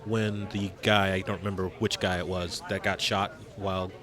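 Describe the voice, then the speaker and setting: A man's voice: deep voice, little pitch movement, moderate pace. A man co-hosting a casual podcast panel, explaining his views in an earnest, arguing way. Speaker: podcast co-host. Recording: loud crowd noise behind.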